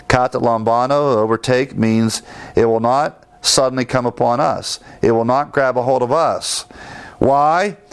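A man's voice: medium pitch, creaky. A man teaching a sermon, emphatic, repeating key phrases and citing scripture verses. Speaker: preacher.

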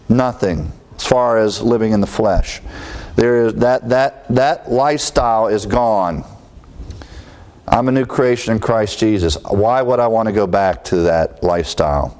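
A man delivers a sermon in a gravelly, fry-tinged voice at a middling pitch. He is earnest and presses his points home by repeating phrases for emphasis. He often turns to rhetorical questions. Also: a little mellow. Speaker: pastor. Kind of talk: expository sermon.

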